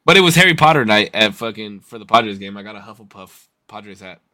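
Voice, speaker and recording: Animated, profane man telling a story. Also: fairly low pitch, fairly quick, no echo. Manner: profane, animated, swears constantly. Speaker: podcast co-host. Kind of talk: casual storytelling.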